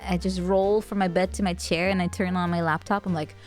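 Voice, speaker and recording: A young woman who works from home, chatting as a stream guest, relaxed and playful with trailing fillers. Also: fairly low pitch, fairly quick, soft background music. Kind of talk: casual chat. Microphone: headset at home.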